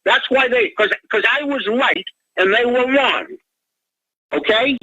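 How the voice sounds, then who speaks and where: A man's voice: extremely high pitch, measured pace, pushed and bright, husky, dry recording. A man calling in to a talk radio show, rambling with stumbling restarts over a phone line. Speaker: caller. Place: Boston area.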